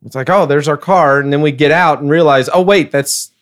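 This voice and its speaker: A middle-aged man spins a story for his podcast co-hosts, his voice sitting a little on the high side. He talks in a casual, animated way and laughs often as he tells it. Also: brisk. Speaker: podcast co-host.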